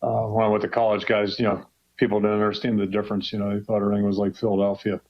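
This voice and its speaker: A man in his sixties talks casually on a call-in radio show, his voice low and a little muffled by the dull broadcast sound. He rambles in a folksy way, restarting sentences and filling pauses with "uh" and "you know.". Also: completely flat delivery. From Western Pennsylvania. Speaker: head football coach, show guest.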